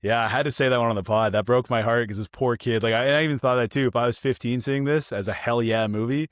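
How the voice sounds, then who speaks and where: A man co-hosting a podcast, chatting casually about films and acting out the people in his stories with lively energy. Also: medium pitch, fast talker, no echo, studio quality. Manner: animated storytelling, acts out quoted people. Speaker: podcast co-host. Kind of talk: casual film review chat.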